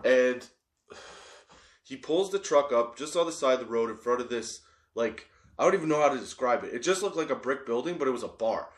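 A man's voice: medium pitch, animated, fairly quick, reverberant. A man telling a wild story in casual talk, swearing, laughing often and checking in with "okay?". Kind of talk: casual anecdote.

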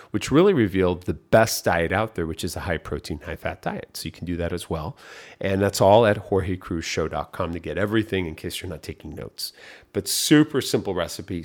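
A man hosting a podcast, giving an upbeat motivational coaching talk and repeating his key phrases. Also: low voice. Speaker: podcast host.

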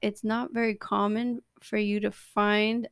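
A woman's voice: mid-range voice, little pitch movement, a little slow, clear, resonant tone, no echo, clean studio sound. A tired woman, co-hosting a podcast in casual chat with brief, sleepy replies. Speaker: podcast co-host.

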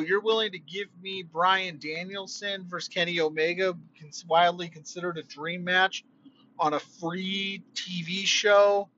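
A man hosting a quick podcast while driving home, talking casually and emphatically about wrestling. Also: high-pitched, dull audio. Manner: animated, emphatic, conversational. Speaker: podcast host. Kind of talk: casual wrestling opinion rant.

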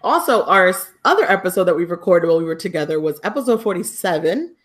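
A woman co-hosting a podcast live, chatting in an upbeat, excitable way and laughing easily. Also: on the low side, fast talker. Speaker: podcast co-host. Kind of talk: casual live-stream chat.

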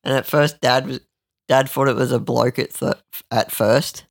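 Young man, crude and rambling storyteller; gravelly, dry close recording. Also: medium pitch, steady tone, normal speed, dry recording. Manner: rambling, crude, with lots of restarts. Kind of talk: casual storytelling chat.

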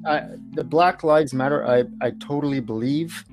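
A man's voice: fairly high pitch, moderate pace, a little mellow, soft background music. A Canadian man with a Canadian accent, a guest talking loosely and swearing, with frequent laughs. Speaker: podcast guest. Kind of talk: casual podcast chat.

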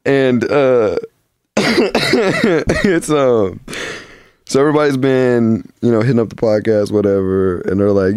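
Animated man with a lively voice. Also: medium pitch, takes it slowly, no room sound, clean studio sound. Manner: animated storytelling, laughs a lot. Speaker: podcast co-host. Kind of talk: casual podcast chat.

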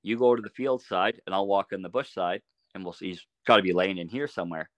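A middle-aged man telling stories in a relaxed, casual way as a podcast guest, often laughing as he talks. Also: deep voice, quick pace, no room sound. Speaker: podcast guest, archery shop owner. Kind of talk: casual storytelling.

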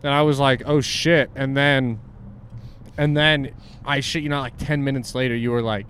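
A man's voice: mid-range voice, fairly even intonation, normal speed, fairly bright tone. A young man from Southern California in a loose, swearing, laughing chat with a friend as they drive. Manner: laid-back, swearing, laughing, trailing off. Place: inside a moving car. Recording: car ride with faint road noise.

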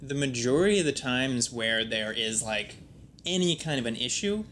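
A man's voice: animated, moderate pace, a bit bright. A man, the host's partner and guest, chatting casually and mostly agreeing in short, laid-back replies. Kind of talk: casual conversation. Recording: noisy recording with low rumble.

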